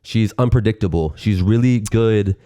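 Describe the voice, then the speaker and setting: A man's voice: lowish voice, moderate pace, mellow, no echo. A man co-hosting a podcast in casual chat, joking and laughing often. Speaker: podcast co-host.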